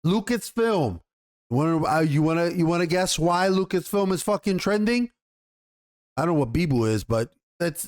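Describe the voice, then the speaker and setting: A man hosting a commentary video, ranting heatedly with lots of swearing and rambling restarts. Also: on the high side. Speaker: YouTube commentary host.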